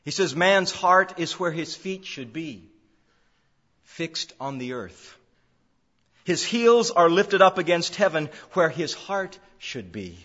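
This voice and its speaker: Man preaching, high voice, emphatic repetition, lo-fi recording, echoing church hall. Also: lively intonation, slow pace, a bit bright. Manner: emphatic, repeats phrases for stress. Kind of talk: expository sermon. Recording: dull lo-fi sound in a reverberant hall.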